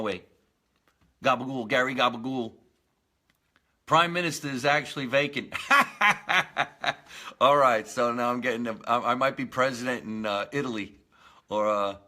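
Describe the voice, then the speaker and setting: A man's voice: medium pitch, bright, forceful tone. A man in his forties, a comedian hosting his own live show, rambling and joking in a casual monologue. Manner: rambling, jokey, with lots of fillers and restarts.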